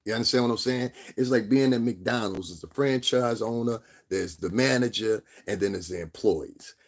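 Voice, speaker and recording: A man from Connecticut telling a long, profane story as a lecture to his viewers, sometimes mimicking others in a high voice. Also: moderate pace, vocal fry. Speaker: vlogger. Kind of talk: angry storytelling rant.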